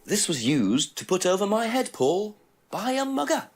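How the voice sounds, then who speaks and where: A pushy police inspector in a video game, lively up and down delivery. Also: male voice, high voice, normal speed, exaggerated voice. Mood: probing. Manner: probing, pointed questioning. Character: persistent male police inspector. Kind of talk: full-motion video game acting.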